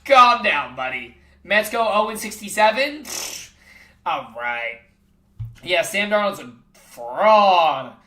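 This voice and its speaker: A man's voice: high voice, big pitch swings, takes it slowly, bright, forceful tone, reverberant. A man livestreaming, trash-talking sports picks in casual chat with his viewers and calling everyone bro.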